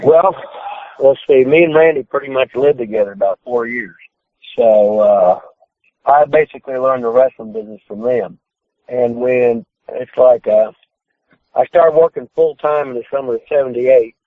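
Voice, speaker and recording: With a medium pitch and lively intonation at normal speed, a retired wrestler on a phone-in podcast spins profane stories, cursing constantly and loudly voicing his own quotes. The call sounds tinny and dry, with no room sound.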